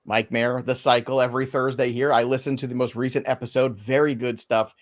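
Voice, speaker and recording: A man hosting a casual sports podcast, playful and laughing often as he runs through a quick rundown. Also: mid-range voice, level tone. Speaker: podcast host.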